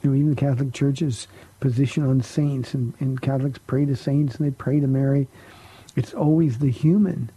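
A man's voice: medium pitch, fairly even intonation, normal speed, dark tone, husky, poor audio. A middle-aged man, a pastor hosting a call-in radio show, answering Bible questions and telling stories with many fillers and restarts.

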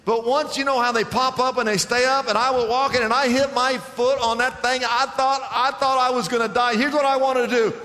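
Bright high voiced preacher guy, swings up and down a lot, echoey church hall. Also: steady tone, fairly quick, hardly any pauses. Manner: emphatic preacher, call-and-response, stretches key words. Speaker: pastor. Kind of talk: sermon. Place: church sanctuary.

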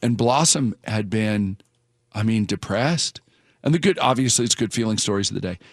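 A man's voice: lowish voice, normal speed, creaky, no echo, studio quality. A man hosting a morning radio show, chatting casually and rambling with fillers and restarts. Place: radio studio.

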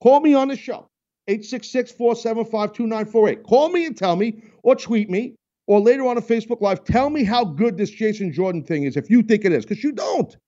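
A man's voice: high voice, fairly quick, mellow, highs cut off. A man hosting a live talk radio show, ranting bluntly and repeating himself as he argues about wrestling. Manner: blunt, heated, repetitive ranting. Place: radio studio.

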